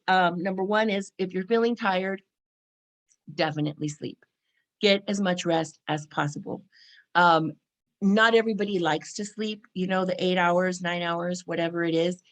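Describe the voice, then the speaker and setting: A woman's voice: fairly low pitch, moderate pace. A woman in her forties from California, talking casually about spiritual energy to camera, chatty and full of "you know" and "right?". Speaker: spiritual vlogger.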